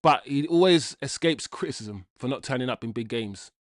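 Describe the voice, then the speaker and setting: A man's voice: medium pitch, lively intonation, normal speed, no echo, studio quality. A man hosting a live football watch-along, ranting in exasperation, swearing and repeating himself as he vents. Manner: repeats himself while venting.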